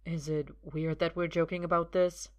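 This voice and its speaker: A woman's voice: sits low, flat delivery, moderate pace, a little mellow, natural voice. A woman reading aloud, voicing a protective young man who is worried, grim and a little lofty. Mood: concerned. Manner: concerned, grim and a touch lofty. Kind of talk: audiobook reading.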